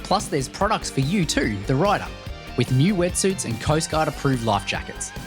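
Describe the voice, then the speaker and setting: A male podcast host reading an ad and chatting casually, relaxed and quick to laugh. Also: a little high, over music. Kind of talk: ad read and casual chat.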